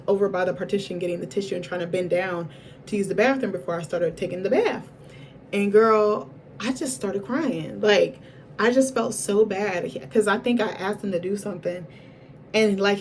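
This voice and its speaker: A woman's voice: mid-range voice, a little mellow. A young woman vlogging in a frank, chatty confessional way, often acting out her own quoted words. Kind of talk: candid confessional chat. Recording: slightly distant mic with faint background noise.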